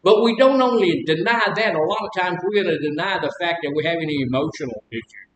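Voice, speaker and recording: A man's voice: fast talker, a bit bright. Man counselor talking in an echoey room. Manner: conversational, asks the group questions, tells personal stories with humor. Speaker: addiction counselor leading a recovery group. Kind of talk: informal group talk on recovery. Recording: echoey room with faint rumble.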